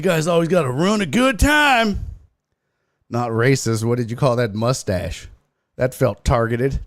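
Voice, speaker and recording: A man's voice: mid-range voice, lively intonation, unhurried. A man hosting a casual sports livestream, joking with his chat, his voice swinging around as he laughs often. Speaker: sports podcast host. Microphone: desk microphone.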